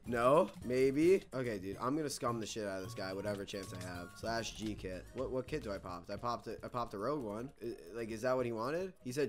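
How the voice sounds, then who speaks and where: A young man doing live video game commentary as a YouTuber, frustrated and trash-talking, swinging between low muttering and sudden yelling. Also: fast talker, few pauses, soft background music. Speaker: gaming YouTuber.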